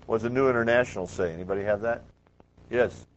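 A man's voice: lowish voice, quick pace. A man teaching a classroom Bible lecture, emphatic and quizzing the class with questions. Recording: muffled lo-fi classroom recording.

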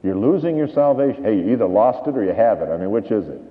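A man preaching a sermon as pastor, emphatic and animated, telling stories to make his point. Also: fairly low pitch, quick pace, few pauses. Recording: tinny, phone-like, hall reverb.

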